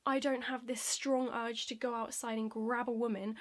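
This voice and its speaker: Young woman a bit drunk, blunt and sweary, voice on the higher side, confessional vlog. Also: flat delivery, normal speed. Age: young adult. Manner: frank and sweary, drops to a whisper at times. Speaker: vlogger.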